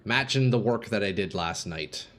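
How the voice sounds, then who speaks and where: A man's voice: fairly low pitch, lively intonation, normal speed, a bit bright. Chatty male game streamer on a desk mic. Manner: casual and chatty, reads chat aloud, bursts of hype. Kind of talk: live-stream commentary while playing. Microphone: desk streaming microphone.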